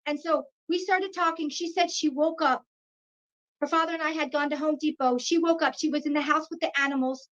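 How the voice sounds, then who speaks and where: Brief: woman in her 50s, high voice, animated storyteller, dull lo-fi audio. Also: brisk. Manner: animated, acts out quoted voices. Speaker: guest. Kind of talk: personal storytelling. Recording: dull lo-fi sound.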